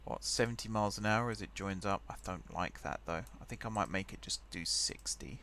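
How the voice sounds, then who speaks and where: A man's voice: sits low, brisk, bright, forceful tone, slight background noise. A young man hosting a game let's play, rambling chattily and thinking aloud as he types. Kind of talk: casual gameplay commentary.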